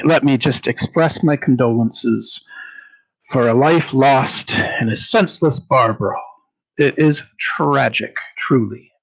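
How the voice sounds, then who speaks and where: A man's voice: on the high side, pitched above the performer's own voice, full character voice, low-quality recording. A man voicing a pompous, courteous male traveler who speaks in a flowery, hesitant way. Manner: flowery, over-polite, hesitant.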